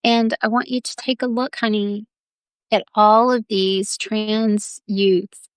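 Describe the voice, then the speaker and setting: A woman's voice: mid-range voice, little pitch movement, smooth, dry recording. A woman leading a guided healing visualization on a live video, talking in a soothing way and often calling the listener honey. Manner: slow, soothing, repeatedly says "honey".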